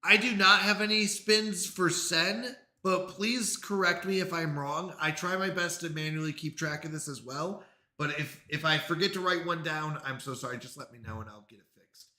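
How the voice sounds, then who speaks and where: A man's voice: fairly high pitch, normal speed, bright, forceful tone, echoey room. A man live-streaming in casual chat, flustered and apologetic as he talks himself through technical trouble.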